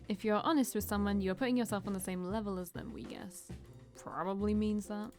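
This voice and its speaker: A woman's voice: medium pitch, fairly even intonation, fairly quick, darkish tone, faint music behind. A woman giving chatty, casual commentary as she reads through a visual novel, swearing freely and laughing at herself. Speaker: let's play streamer.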